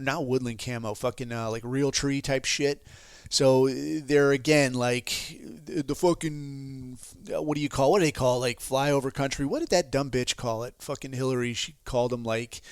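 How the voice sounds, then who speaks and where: A man's voice: medium pitch, clean tone, dry recording, studio quality. A man hosting his own podcast, ranting casually in a rambling, profane, sardonic way. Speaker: podcast host.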